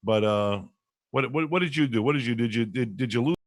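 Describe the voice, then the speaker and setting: A man's voice: medium pitch, a little fast, dry recording, clean studio sound. A man hosting a casual talk show from home over a video call, rambling with many restarts. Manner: rambling, lots of restarts and fillers. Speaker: radio show host. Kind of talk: casual chat.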